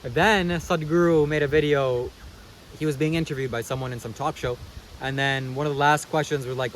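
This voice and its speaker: A man's voice: a little high, steady tone, moderate pace, slight background noise, low-quality recording. A man vlogging a casual commentary monologue, sarcastic and preachy, who keeps calling the viewer "buddy" and checking "okay?".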